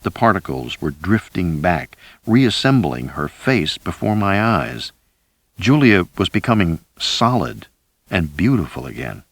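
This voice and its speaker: A man reading a first-person thriller audiobook in a measured, dramatic way. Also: sits low, very animated, no room sound. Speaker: audiobook narrator.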